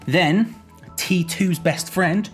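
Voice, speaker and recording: A man's voice: high voice, drawn-out words, soft background music. A young man giving a jokey, rambling explainer vlog, often correcting himself mid-sentence. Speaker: YouTuber.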